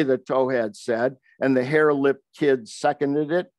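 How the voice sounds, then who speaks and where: A man's voice: medium pitch, unhurried, few pauses, darkish tone, no room sound. An older man, a poet, reading aloud from his memoir with wry, conversational asides.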